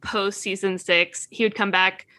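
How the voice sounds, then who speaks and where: A woman co-hosting a casual podcast, recapping a TV episode with animated asides and quoted lines. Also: mid-range voice, measured pace, no room sound. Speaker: podcast co-host.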